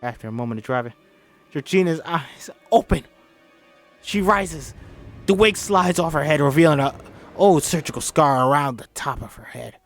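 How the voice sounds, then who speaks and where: A man's voice: fairly high pitch, lively intonation, normal speed, soft background music. A man reading a film script aloud in a casual way, often stumbling, correcting himself, and apologizing. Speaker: script reader.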